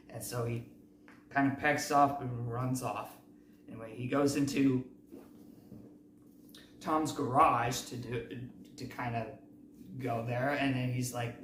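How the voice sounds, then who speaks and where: A man's voice: mid-range voice, fairly even intonation, takes it slowly, pauses often, a bit bright. A man hosting a casual movie recap, talking in a rambling, self-correcting way. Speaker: movie review host. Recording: roomy, distant mic, faint noise.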